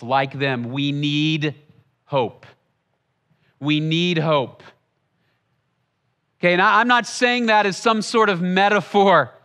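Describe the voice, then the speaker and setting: High-voiced man preaching earnestly. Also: pushed and bright. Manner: earnest, conversational, repeats key phrases. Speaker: pastor. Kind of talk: sermon. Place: church.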